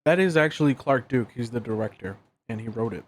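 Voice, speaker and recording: A podcast co-host chatting casually about a movie, giving short relaxed remarks. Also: medium pitch, fairly quick. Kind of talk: casual movie review chat.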